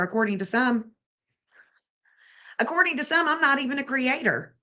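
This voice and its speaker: A woman's voice: high voice, expressive, moderate pace, bright, forceful tone. A woman, bluntly and indignantly scolding as she comments on a livestream. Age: 50s. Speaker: true crime streamer.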